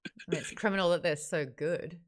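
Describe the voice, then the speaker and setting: A woman hosting a book club livestream, chatty and animated as she jumps between topics. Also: deep voice, fairly quick. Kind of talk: casual livestream chat.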